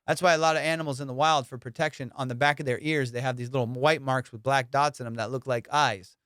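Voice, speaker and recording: A man hosting a casual comedy podcast, telling stories in an animated, profane way and laughing often. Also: medium pitch, fast, clear, resonant tone, no echo, clean studio sound.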